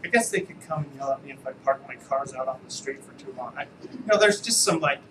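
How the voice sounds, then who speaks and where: A man's voice: mid-range voice, expressive, fast talker, sharp tone, slight background noise, low-quality recording. A man, an attorney, giving a casual, joking live training talk to real estate agents and asking the room questions.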